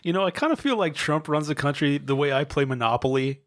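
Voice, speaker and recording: A man's voice: fairly high pitch, fast. Profane, laughing man in casual banter. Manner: profane, animated, laughs often. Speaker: podcast co-host. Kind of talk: casual comedic chat.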